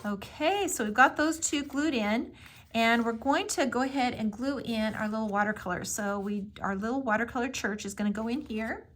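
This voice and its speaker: A woman's voice: fairly high pitch, moderate pace, a bit bright. A woman giving a casual step-by-step craft tutorial, explaining each move with friendly fillers. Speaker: craft instructor.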